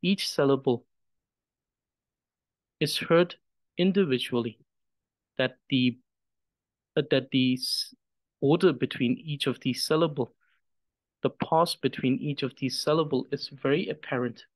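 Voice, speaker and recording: A man teaching a reading lesson, patient and measured, demonstrating pronunciation slowly syllable by syllable. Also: mid-range voice, dry recording. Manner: careful, measured, pauses after each syllable when demonstrating. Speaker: Tibetan language teacher.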